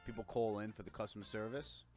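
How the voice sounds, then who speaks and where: A man's voice: on the low side, steady tone, fast talker, darkish tone, faint music behind. A man co-hosting a casual live stream, riffing and playing at being indignant. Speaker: co-host.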